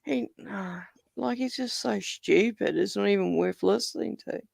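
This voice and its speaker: Gravelly New man, blunt talk. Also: sits high, moderate pace, darkish tone, dry recording. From New Zealand. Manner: blunt, swears often. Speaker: panel guest. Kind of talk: casual chat.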